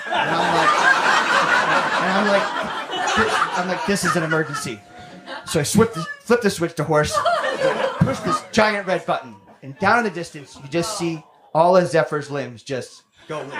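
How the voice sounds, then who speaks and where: Animated man telling a stand-up story. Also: fairly high pitch. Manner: animated, self-mocking, quick bursts with profanity. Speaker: stand-up comedian. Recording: loud background noise with audience laughter.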